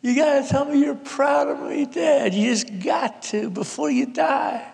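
A woman's voice: very deep voice, flat delivery, normal speed, vocal fry, darkish tone, big-room sound, exaggerated voice. A man voicing a distraught grown woman, a poet, desperately pleading with her dying father. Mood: screaming, pleading. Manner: screaming, desperate.

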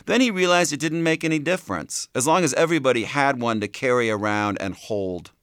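A man reading a novel as an audiobook narrator, in a steady storytelling manner. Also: medium pitch, brisk, smooth, dry recording, studio quality. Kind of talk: scripted narration.

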